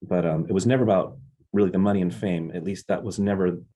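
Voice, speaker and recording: A man's voice: sits low, steady tone, fast, mellow, breathy edge. A man, a drummer being interviewed, earnestly telling reflective stories about his music career. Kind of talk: casual interview storytelling.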